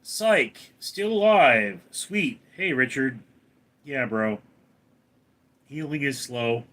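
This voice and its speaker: A man's voice: medium pitch, animated, slow pace, a bit bright. A man hosting a casual live stream, reading out viewer names and comments and answering them briefly. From Los Angeles, California. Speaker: livestream host reading chat.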